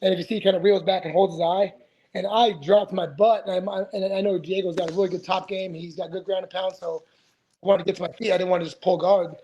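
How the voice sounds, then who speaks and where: A man's voice: high voice, level tone, quick pace, warm tone, highs cut off. A man in his forties, a retired fighter, telling stories as a podcast guest in a rambling, profane way, full of restarts. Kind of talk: casual storytelling interview.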